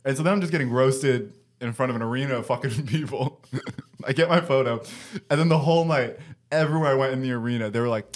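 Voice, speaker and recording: A man's voice: medium pitch, fast talker. A young man hosting a podcast from his basement, telling a story in a casual way, swearing and laughing often. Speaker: podcast host. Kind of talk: casual chat. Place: home basement.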